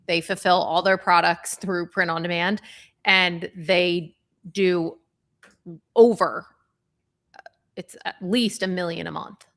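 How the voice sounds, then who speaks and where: Creaky, bright-voiced woman. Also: lowish voice. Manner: conversational with frequent fillers. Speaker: livestream co-host. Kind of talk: casual livestream chat.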